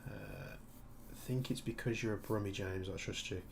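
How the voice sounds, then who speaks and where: Brummie guy doing a live build, chatty and easygoing, kinda low gravelly voice, bit of hiss behind. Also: normal speed. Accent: Birmingham. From Birmingham, England. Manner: casual, chatty, explains as he works. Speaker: airsoft tech streamer.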